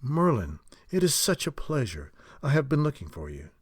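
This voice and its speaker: A man's voice: medium pitch, huge pitch swings, normal speed, breathy edge, no room sound, studio quality. A man reading a gracious noble lady. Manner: gracious, gentle. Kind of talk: audiobook character voice.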